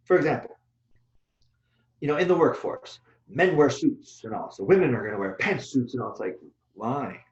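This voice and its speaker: A man's voice: medium pitch, normal speed. A man co-hosting a casual discussion, talking bluntly and swearing freely as he rants. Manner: blunt, profane, animated ranting. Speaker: co-host, Taoist teacher. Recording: echoey room, dull lo-fi sound.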